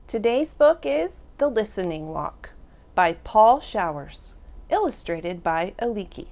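A woman reading a children's picture book aloud at story time, slowly and expressively. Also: mid-range voice, big pitch swings, a little mellow. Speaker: storytime reader.

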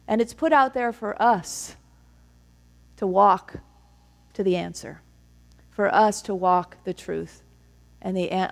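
A woman minister giving an Easter sermon in a church, telling stories and briefly voicing the people in them, with gentle laughs. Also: mid-range voice, creaky. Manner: storytelling, acts out quoted lines, gentle laughs. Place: church sanctuary.

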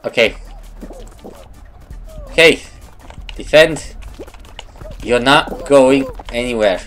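A woman commentating her own game play, excitable and swearing at opponents, with faint game music behind. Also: rumbling low, extremely slow. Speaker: gamer.

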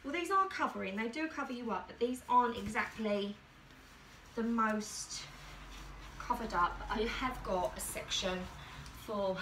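A woman's voice: medium pitch, a little slow, long pauses, fairly bright tone, distant mic, a little hiss or hum. A woman chatting in a giggly, self-deprecating way while she tries on swimwear for her vlog. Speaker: YouTuber. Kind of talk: chatty try-on haul vlog. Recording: echoey room, voice from across the room.

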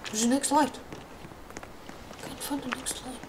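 A woman's voice: sits high, fairly even intonation, unhurried. A woman commenting on a horror game as she plays, easily spooked and exclaiming often. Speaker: gaming streamer. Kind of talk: live gameplay commentary. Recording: noticeable background noise.

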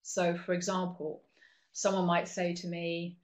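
A middle-aged woman leading a live online training session, talking in a chatty way with frequent ums and quick self-corrections. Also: lowish voice, monotone. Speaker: webinar trainer.

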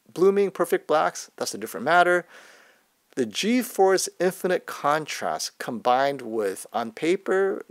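A man's voice: medium pitch, no echo. A man hosts a live tech stream and answers viewer questions. His voice rises and falls a lot as he explains. The sound is close and dry, with no room around it. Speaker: tech channel host. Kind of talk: livestream tech chat.

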